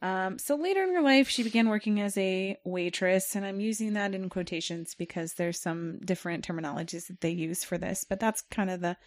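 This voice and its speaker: A woman's voice: mid-range voice, a little fast, few pauses, dry recording. A woman co-hosting a true crime podcast, telling a story in a chatty, hesitant way with many fillers. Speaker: podcast co-host. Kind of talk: casual true crime chat.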